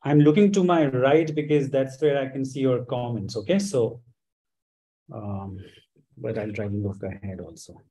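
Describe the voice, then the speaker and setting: A man leading a live-streamed stress management workshop, talking with many fillers and gently coaxing his viewers. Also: medium pitch, normal speed, rough recording. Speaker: workshop instructor.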